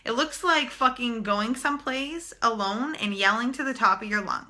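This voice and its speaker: A woman's voice: a little high, normal speed, pushed and bright. A young woman talking casually and bluntly to viewers in a live stream, swearing freely as a spiritual channeler.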